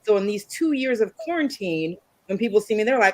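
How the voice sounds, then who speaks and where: A woman reflecting in a measured way in a casual conversation. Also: mid-range voice, expressive, darkish tone, no room sound, low-quality recording. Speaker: guest. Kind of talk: casual chat.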